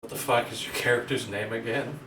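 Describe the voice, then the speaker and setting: A man's voice: mid-range voice, fairly even intonation, brisk, a bit bright. A man narrating as game master of a tabletop game, loose and profane with stop-start phrasing. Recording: echoey room with faint noise.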